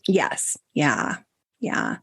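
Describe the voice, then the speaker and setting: A woman's voice: sits low, wildly swooping pitch, extremely slow, vocal fry, a bit bright, breathy edge. A woman hosting a podcast interview, reflective and chatty, talking about acceptance with loose fillers. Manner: reflective, spiritual, uses fillers. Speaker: podcast host. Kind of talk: casual interview chat.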